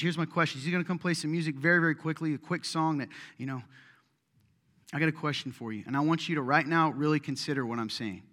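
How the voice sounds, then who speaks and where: A middle-aged male pastor giving a casual, joking, animated sermon in a church. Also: a little high, fast talker. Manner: conversational, joking, animated preaching. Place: church sanctuary. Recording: echoey hall, soft guitar behind.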